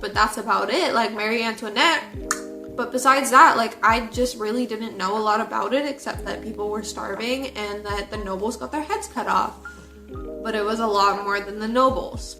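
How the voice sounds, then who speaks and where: A chatty young-sounding woman talks through a book she loved, her voice bright and slightly high. She speaks animatedly, peppering her sentences with filler words. The sound bounces around an echoey room. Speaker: book reviewer. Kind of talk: casual book review chat.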